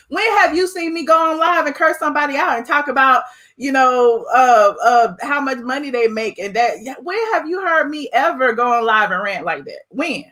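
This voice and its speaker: High-voiced woman channel host, chatty and amused, reacting to clips. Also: very animated, normal speed, fairly bright tone. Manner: amused and incredulous, laughs often, asks rhetorical questions. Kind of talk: casual commentary reacting to clips.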